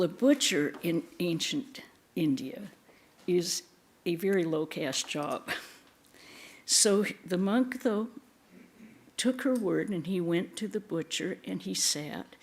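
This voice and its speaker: Woman preaching in a temple, slow and unhurried, gentle storyteller, lowish voice. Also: slightly rough. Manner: gentle storytelling with soft laughs and quiet asides. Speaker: nun giving a temple talk. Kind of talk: sermon.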